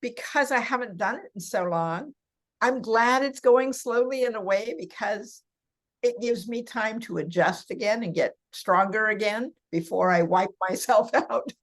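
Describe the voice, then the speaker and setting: A little high-pitched and measured in pace, an older woman from California talks as a podcast guest in a casual interview. She covers her massage work for seniors, telling stories chattily and often laughing.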